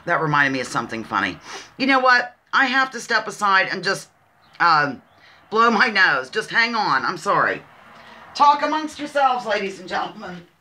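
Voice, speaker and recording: A woman hosting a casual livestream word-guessing game, chatty and often breaking into giggles as she reads out clues and greets viewers. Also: lowish voice. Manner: giggly, chatty, addresses viewers as ladies and gentlemen. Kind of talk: casual live-stream chat.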